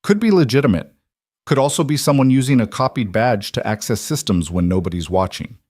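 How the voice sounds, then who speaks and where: A man's voice: mid-range voice, animated, brisk, darkish tone, dry recording, clean studio sound, lightly acted. A man voicing a guarded former soldier and father, speaking tersely and firmly. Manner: terse, firm.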